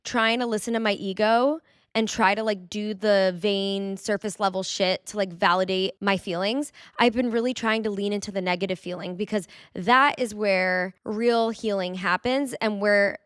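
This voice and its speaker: A woman's voice: mid-range voice, steady tone, moderate pace, a bit bright, clean tone, dry recording, studio quality. A woman vlogger, talking candidly in a chatty confessional way, with many "like" fillers. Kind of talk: casual confessional vlog.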